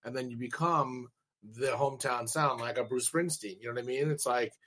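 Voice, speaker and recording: A man hosting a radio show, chatting casually with a guest, eager and quick to agree. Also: mid-range voice, fairly bright tone, breathy edge. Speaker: radio host. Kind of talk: casual interview chat.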